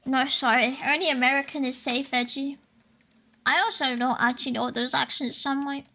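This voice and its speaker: A woman's voice: sits high, steady tone, fairly quick, bright, forceful tone. A woman chatting on a stream in a teasing, joking way, laughing often. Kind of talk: casual stream chat. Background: faint lo-fi music.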